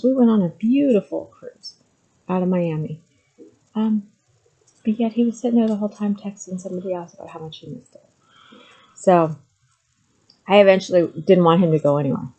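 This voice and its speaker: Earnest woman, mellow voice, muffled sound. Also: mid-range voice. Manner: frequent ums, hesitant then emphatic. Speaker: vlogger sharing personal story. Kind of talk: candid personal talk to camera.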